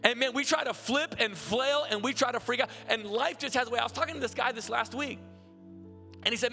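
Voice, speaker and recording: A man preaching in a high, bright voice, chatty and animated, stumbling and restarting as he tells his story. His sermon rings through a big church hall, with soft music underneath. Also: a little fast, gravelly. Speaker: pastor. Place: large church auditorium.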